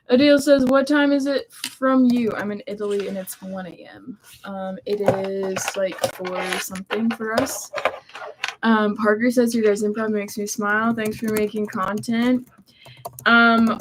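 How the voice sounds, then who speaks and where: A woman's voice: medium pitch, steady tone, a little slow, a little hiss or hum. A woman co-hosting a casual home live stream, reading viewer comments aloud in a playful, giggly way. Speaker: co-host reading live chat.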